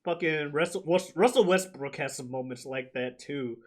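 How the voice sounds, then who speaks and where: A man co-hosting a podcast in casual chat, laughing often and mimicking others. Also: normal speed. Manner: animated, laughing, imitates athletes in high voices. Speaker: podcast co-host.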